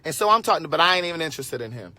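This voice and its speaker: A man in his forties tells a story to his viewers on a casual livestream. His voice is fairly high and very bright. He talks in an animated, sassy way and keeps turning aside to speak to his audience. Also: rapid-fire, dry recording. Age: 40s. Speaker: host telling a story to viewers.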